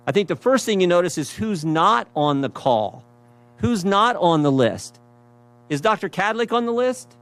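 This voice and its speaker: A man's voice: high voice, a bit bright. A man speaking as a lawmaker at a hearing, emphatic and repeating his key phrases as he reads documents aloud. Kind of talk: prepared speech at a hearing.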